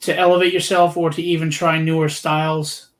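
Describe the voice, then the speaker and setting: A man's voice: fairly high pitch, level tone, fairly quick. A man hosting a casual video-call interview who asks long, rambling questions and gives short reactions. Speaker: interview host. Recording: echoey room.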